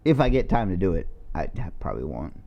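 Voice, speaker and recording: A man's voice: sits low, very animated, quick pace, gravelly, warm tone, dull audio, a little hiss or hum. A man heckling a video with crude, sarcastic, profane commentary. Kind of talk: profane mocking commentary over a clip. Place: lives in South Carolina.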